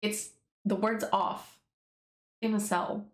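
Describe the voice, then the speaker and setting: A woman with a lowish voice rambles through loose, swear-filled commentary on her own comic. Her pitch swings widely as she talks. The sound carries the echo of an untreated room. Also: moderate pace, creaky. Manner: rambling, swears freely, lively and laughing. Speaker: webtoon creator reading her own comic. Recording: echoey room.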